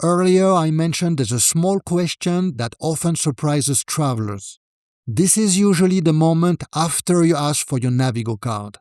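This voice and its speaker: Male language-lesson narrator, calm and clear, slightly high-pitched, dry close-mic voice-over. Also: no echo. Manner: calm, clear explanations, models French phrases slowly with falling intonation. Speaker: French language teacher. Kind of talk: scripted narration.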